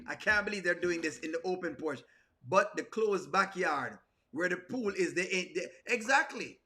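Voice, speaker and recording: A man's voice: high-pitched, expressive, normal speed, bright, forceful tone. A Jamaican man giving playful, teasing reaction commentary, now and then breaking into song. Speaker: reaction video host.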